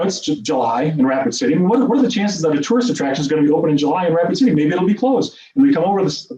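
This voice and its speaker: Middle-aged man, quick, animated storyteller with self-deprecating humor, roomy far-off meeting-room sound. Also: on the high side. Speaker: speaker at a meeting. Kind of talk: personal storytelling speech. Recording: echoey, distant, dull room sound.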